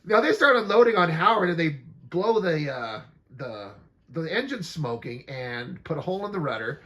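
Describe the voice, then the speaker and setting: Animated man riffing on a movie. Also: a little high, normal speed. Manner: animated, profane play-by-play with frequent laughter. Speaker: podcast host. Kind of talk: casual movie commentary.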